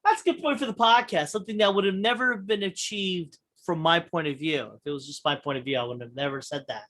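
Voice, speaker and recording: A male podcast host with a voice pitched a little above the usual, talking loosely and bluntly. He rambles through his story, doubling back and restarting his sentences and swearing freely in casual chat. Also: fast, a bit bright. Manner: profane and blunt.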